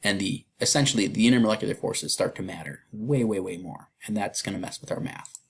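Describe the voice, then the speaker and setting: A man with a lowish, gravelly, husky voice talks fast as he walks through problems in a recorded chemistry lesson. His style is casual and chatty, full of fillers and self-deprecating asides.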